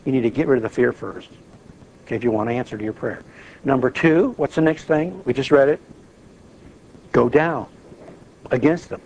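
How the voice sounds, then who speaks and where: Man, bible study teacher, animated, acts out prayers, faint background noise. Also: medium pitch, moderate pace, creaky, pauses often, muffled recording.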